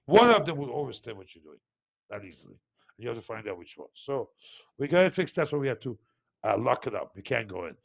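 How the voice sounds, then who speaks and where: Animated gravelly man, dull lo-fi audio. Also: medium pitch, quick pace. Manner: digressive, animated, frequent fillers and restarts. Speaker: market analyst hosting a review. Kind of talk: rambling live market commentary.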